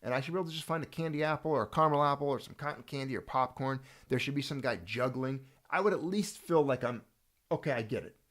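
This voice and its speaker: A man hosting a casual video chat, talking straight to viewers in a jokey, animated way. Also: medium pitch, fast, few pauses. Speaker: host.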